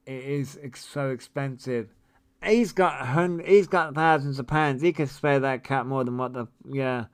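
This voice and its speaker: A man's voice: mid-range voice, unhurried, clear, resonant tone. A man in his forties hosting a casual livestream, reading viewer comments and ranting in a sweary, incredulous, rambling way. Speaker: livestream host.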